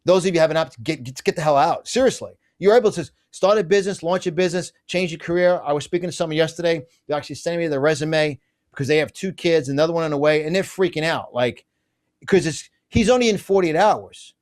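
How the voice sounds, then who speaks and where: Fiery middle-aged man ranting. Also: fairly high pitch. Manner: emphatic ranting, rapid asides and restarts. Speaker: guest, conservative business publisher. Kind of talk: fiery political interview talk.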